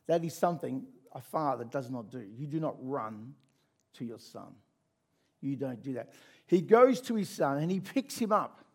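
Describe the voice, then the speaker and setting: A man preaching, retelling a story in a conversational, animated way with asides to listeners. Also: mid-range voice, moderate pace. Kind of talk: sermon storytelling.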